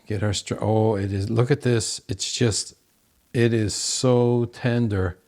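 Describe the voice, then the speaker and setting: A man's voice: on the low side, fairly even intonation, slow pace, darkish tone. A man hosting a home cooking show from his kitchen, gushing over the food and talking to viewers as folks.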